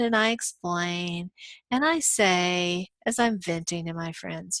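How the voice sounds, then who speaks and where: A woman's voice: on the low side, measured pace, no room sound. A woman business law instructor giving a recorded lecture, explaining through acted-out everyday scenarios with frequent "um"s.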